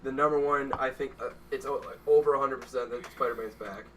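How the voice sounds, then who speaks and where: A man's voice: mid-range voice, steady tone, quick pace, distant mic, a little hiss or hum. A young man co-hosting a podcast, rambling in casual chat and swearing freely. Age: young adult. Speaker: podcast co-host.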